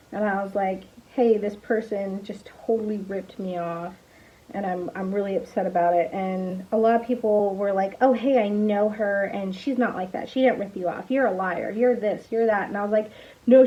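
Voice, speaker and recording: A woman's voice: medium pitch, dull audio. A young woman and small business owner in a casual storytime vlog, telling a frustrating story in a chatty, exasperated way with sighs and laughs.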